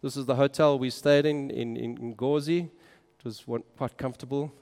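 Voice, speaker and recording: A man's voice: medium pitch, steady tone, normal speed, gravelly, darkish tone. A man, a minister, narrating travel photos in a casual, enthusiastic and exclaiming way. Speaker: minister on a mission trip. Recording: long hall reverb.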